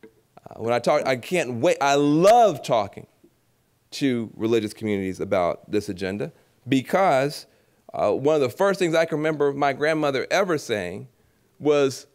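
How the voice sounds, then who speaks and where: A man giving a lively public speech at a gala, animated and preacherly, acting out voices and repeating phrases for emphasis. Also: mid-range voice. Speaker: keynote speaker at an awards gala.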